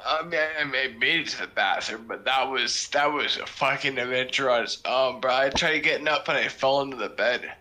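A man's voice: medium pitch, moderate pace, few pauses, pushed and bright. Drunk, rambling man streamer. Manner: rambling, profane, laughing storyteller. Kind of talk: casual gaming chat.

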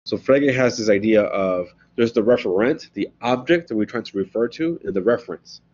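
At normal speed, a man with a fairly low, darkish voice and a breathy edge explains philosophical ideas conversationally, often adding "right?" It's a recorded class lecture with dull, lo-fi audio.

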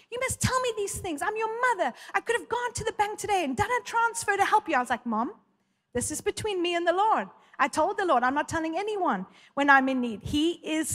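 Fervent woman preacher, high bright voice. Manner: fervent, emphatic preaching with storytelling. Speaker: pastor. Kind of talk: sermon. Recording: long hall reverb.

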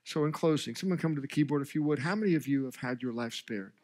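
A man's voice: fairly high pitch, fast talker, a little mellow. A male pastor preaching a sermon, telling a story with emphatic, rising delivery and briefly voicing the characters.

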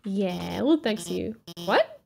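A woman voicing a nervous, shy female lizard scientist in a video game, talking in halting, heartfelt bursts. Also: mid-range voice, big pitch swings, creaky, a little hiss or hum, voice pushed down, exaggerated voice.

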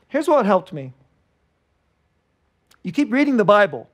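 High-voiced man preaching conversationally. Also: very animated, unhurried, long pauses. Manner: conversational preaching, swinging between bright and hushed; laughs between phrases. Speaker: pastor. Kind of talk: sermon.

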